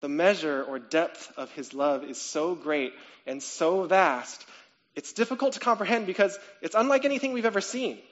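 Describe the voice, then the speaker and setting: Animated pastor, muffled lo-fi recording. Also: male voice, on the high side, moderate pace. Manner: conversational, frequent "okay?" and "right?" check-ins; animated, rising to excited questions. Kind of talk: sermon.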